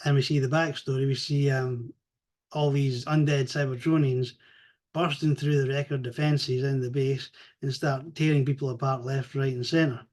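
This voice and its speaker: A man recapping a comic story in a rambling, animated way, swearing freely and acting out the characters' lines. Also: medium pitch, moderate pace. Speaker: comics reviewer.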